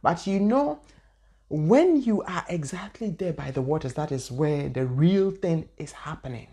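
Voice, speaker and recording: A woman's voice: low voice, expressive, measured pace, mellow. A woman spiritual teacher telling her own story in an earnest, repetitive way. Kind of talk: personal testimony talk.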